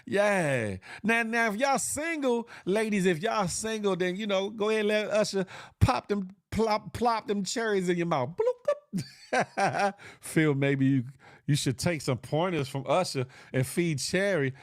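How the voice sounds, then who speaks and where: A man's voice: high voice, moderate pace, dry recording, clean studio sound. A male morning show host chatting casually on a livestream, joking in slang and greeting viewers by name.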